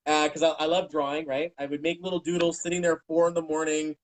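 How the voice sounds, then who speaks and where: Man, 30s, interview guest, fairly high voice, frank, rambling, candid storytelling. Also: flat delivery, fast, low-quality recording. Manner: rambling and frank, acting out quoted dialogue.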